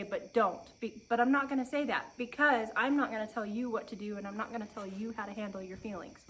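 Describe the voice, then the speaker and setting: A woman in her thirties sitting outdoors on her farm, talking to her viewers in a heartfelt, encouraging way while holding back tears, with pauses and restarts. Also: fairly high pitch, rough recording. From Oregon. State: emotional, near tears. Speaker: homestead vlogger. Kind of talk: heartfelt sit-down chat to camera. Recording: faint outdoor insect noise.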